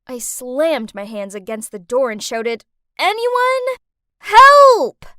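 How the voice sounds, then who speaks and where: A young woman narrating a dramatic first-person story in an expressive way. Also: a little high, a little slow, no room sound, studio quality.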